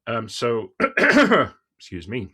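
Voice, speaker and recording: A man's voice: mid-range voice, wildly swooping pitch, extremely slow, bright, forceful tone, slightly rough. Mild-accented Scottish man, chatty podcast co-host. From Scotland. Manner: mild-mannered, explains with examples and small hesitations. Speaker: podcast co-host, cybersecurity analyst. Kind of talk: casual podcast chat.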